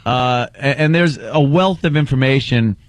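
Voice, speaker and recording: A man's voice: mid-range voice, normal speed, dry recording. A male comedian guest on a radio talk show, trading sardonic, joking asides in casual banter.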